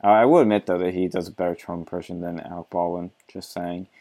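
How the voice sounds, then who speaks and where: A man's voice: sits low, steady tone, fast talker, mellow. A man reading an article aloud and mocking it with sarcastic, profane commentary, often laughing.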